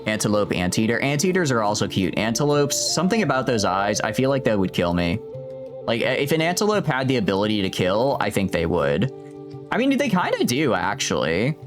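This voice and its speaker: A man's voice: lowish voice, wildly swooping pitch, brisk, music in the background. A man streaming a game, rambling and joking with his chat in casual gameplay commentary. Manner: rambling, jokey, talks to chat.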